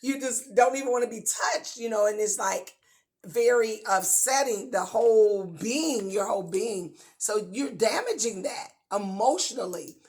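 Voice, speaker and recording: A woman's voice: mid-range voice, lively intonation, measured pace, a little mellow. A woman co-hosting a casual relationship talk, chatty and affirming as she shares marriage tips. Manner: affirming, chatty, laughs easily. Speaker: co-host giving marriage advice.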